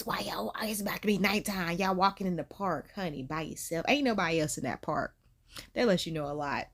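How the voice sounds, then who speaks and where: A woman hosting a reaction video, talking in an animated, slangy way and acting out quotes. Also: medium pitch, normal speed. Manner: animated, slangy, acts out quotes with squealy voices. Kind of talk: casual reaction commentary.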